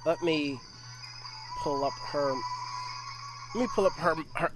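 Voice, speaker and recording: A podcast co-host chatting casually in a relaxed, joking way. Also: mid-range voice, unhurried, music in the background. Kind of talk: casual chat.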